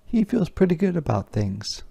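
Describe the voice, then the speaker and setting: A man's voice: a little high, sing-song, normal speed, creaky, breathy edge. A man teaching by reading a picture book aloud to young children, stopping to explain words and pictures in simple terms. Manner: puts gentle emphasis on the words he reads aloud.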